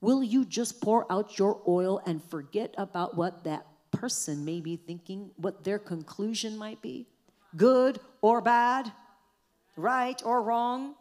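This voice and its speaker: Woman preacher, impassioned sermon delivery, rises to loud, repeated-phrase exhortation. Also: medium pitch, slow pace.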